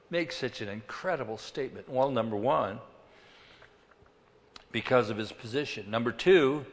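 A man preaching a sermon as pastor, swinging between loud emphasis and quiet asides. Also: mid-range voice, long reverb tail.

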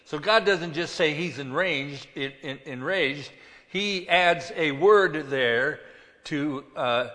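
Pastor, male, slow deliberate sermon delivery, bright tone, church hall echo. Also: fairly high pitch. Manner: slow, emphatic preaching with scripture reading.

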